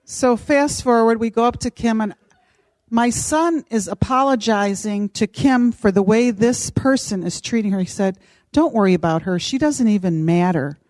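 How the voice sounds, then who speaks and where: A middle-aged woman casually telling a personal story, animated and acting out what others said. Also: a little high, normal speed, no echo. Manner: animated, acts out quoted voices. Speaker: podcast co-host.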